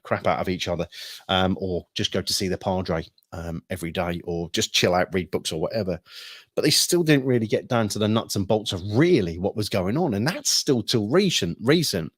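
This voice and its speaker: A middle-aged man telling a story casually, rambling with many ums and restarts, swearing freely and acting out shouted quotes. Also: deep voice, dry recording, clean studio sound. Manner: acts out shouted quotes with sudden bursts. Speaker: hypnosis trainer recounting military past.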